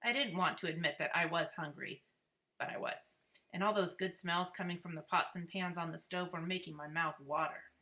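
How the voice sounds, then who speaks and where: Bright, expressive woman narrating a children's chapter book aloud. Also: on the low side, moderate pace. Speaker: reader.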